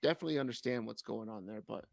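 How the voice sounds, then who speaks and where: A man's voice: mid-range voice, rapid-fire, vocal fry, darkish tone, dry recording, clean studio sound. A man co-hosting a sports podcast, rambling and joking in a casual chat. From California. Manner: rambling, joking, many fillers. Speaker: podcast co-host.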